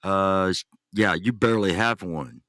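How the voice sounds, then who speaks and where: With a low-sitting, fairly bright voice and a measured pace, a podcast host from Texas chats casually and crudely in a clean, echo-free studio recording. He rambles through a live-stream-style chat and reads listeners' messages out loud.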